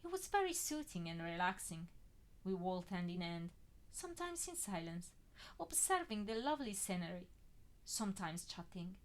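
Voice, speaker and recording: A woman's voice: medium pitch, moderate pace. A woman expressively reading a first-person fan fiction story aloud. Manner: expressive, swinging emphasis.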